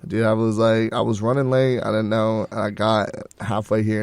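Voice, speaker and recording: A man's voice: lowish voice, level tone, brisk, vocal fry, a little mellow, dry recording. Young male college radio co-host, easygoing and chatty, with a dry studio mic. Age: young adult. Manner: rambling, easygoing, laughs often. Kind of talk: casual chat.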